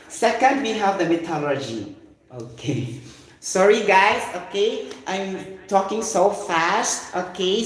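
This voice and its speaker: A middle-aged man with a Filipino accent, giving an informal science lecture online. He talks in an animated, chatty way and keeps saying "you know" and "okay". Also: sits high. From Philippines. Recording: very echoey room.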